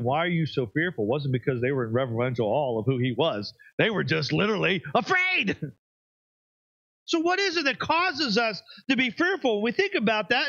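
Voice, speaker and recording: A man preaching an evening sermon, emphatic, pushing his voice up high for stress and dropping it low and quiet. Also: no room sound, dull audio. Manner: emphatic, rises and drops sharply for effect. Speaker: pastor.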